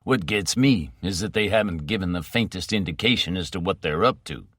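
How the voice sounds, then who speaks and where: Guy doing a quiet terse young agent, low voice. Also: animated, a little fast, dry recording, clean studio sound. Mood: puzzled.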